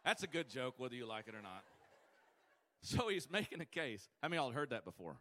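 Bright-voiced preacher, folksy and loud. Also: male voice, mid-range voice, big pitch swings, quick pace, a little hiss or hum. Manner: folksy, joking, shifts between shouting and hushed asides. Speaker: pastor. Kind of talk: sermon.

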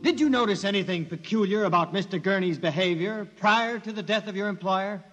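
A probing courtroom prosecutor. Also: male voice, sits high, fairly quick, a bit bright, highs cut off. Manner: formal questioning. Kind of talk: 1950s radio drama acting. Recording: reverberant with faint music.

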